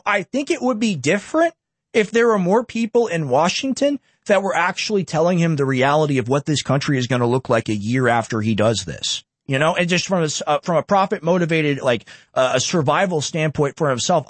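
A man's voice: fairly high pitch, lively intonation, fairly quick, husky, dry recording. A man from Texas hosting a political commentary show, ranting sarcastically and reading news aloud with cutting asides. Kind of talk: opinionated political monologue.

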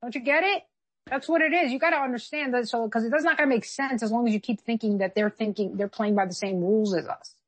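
A woman's voice: on the high side, fast. A woman co-hosting a political commentary chat, talking in an emphatic, argumentative way. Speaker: co-host.

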